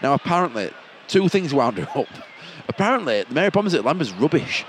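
Animated Yorkshire lad telling a story. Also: male voice, fairly high pitch, fast, a little hiss or hum. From Bradford, England. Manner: animated, laughs often, swears casually. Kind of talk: casual storytelling chat.

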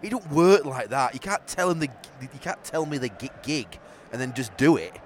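A man's voice: mid-range voice, expressive, normal speed, a little hiss or hum. A man co-hosting a football podcast, cheeky and giggly, teasing his co-host from a stadium press box. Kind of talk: casual football podcast chat.

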